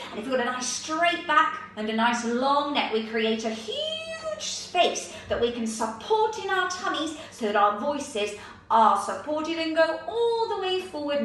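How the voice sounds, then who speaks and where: A woman leads a children's drama lesson, bright and high-pitched with a bouncy, lively delivery. She sounds a little distant from the camera, in a very echoey room. Her tone stays encouraging and playful. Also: slight background noise. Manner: animated and encouraging, with exaggerated teacher cues.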